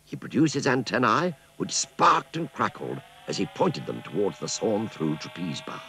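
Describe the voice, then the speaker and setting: A man narrating a children's story in an expressive, scripted storytelling manner. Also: lowish voice, normal speed, a little hiss or hum.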